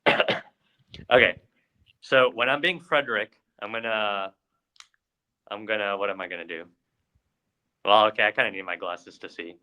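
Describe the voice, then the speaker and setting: A man co-hosts a casual podcast and recounts a story, padding it with fillers and restarting his sentences. His voice sits fairly low, with a bright, forceful tone. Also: steady tone, moderate pace, long pauses, low-quality recording. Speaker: podcast co-host.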